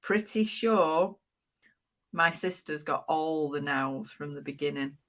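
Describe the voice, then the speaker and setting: Low-voiced woman co-hosting a live chat. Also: takes it slowly, fairly bright tone. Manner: reads viewer comments aloud, laughs easily. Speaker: co-host of a live reselling chat. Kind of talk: casual live-stream chat.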